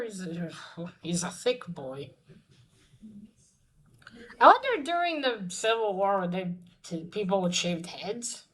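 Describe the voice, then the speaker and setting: A woman's voice: medium pitch, a bit bright, poor audio. A woman giving a casual comic book review, chatty and profane, with many fillers and restarts.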